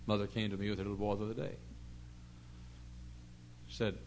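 A middle-aged man pastor preaching a sermon in an earnest storytelling way, dropping to hushed asides and rising to loud emphasis. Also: lowish voice, flat delivery, fairly quick, slight background noise, rough recording. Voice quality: gravelly.

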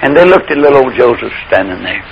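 Man, preacher, folksy storytelling sermon, gravelly, lively pitch. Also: quick pace, highs cut off, a little hiss or hum. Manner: folksy, animated, rhetorical questions.

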